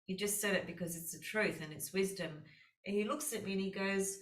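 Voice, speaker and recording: A woman's voice: medium pitch, a little fast, reverberant, distant mic, rough recording. A woman astrologer hosting a casual conversation, telling heartfelt stories with lots of fillers. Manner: earnest, heartfelt storytelling with many fillers. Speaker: astrologer host.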